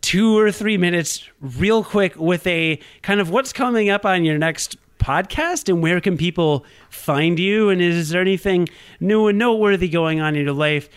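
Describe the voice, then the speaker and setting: A man's voice: sits high, normal speed, clear, resonant tone. A man hosting a podcast in casual chat, teasing his guest and steering the talk. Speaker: podcast host.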